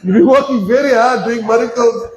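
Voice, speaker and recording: High-voiced South African pastor, playful. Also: male voice, brisk, reverberant, crowd noise, rough recording. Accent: South African, switching with Afrikaans. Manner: playful, joking, acts out voices with laughter. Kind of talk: sermon. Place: church.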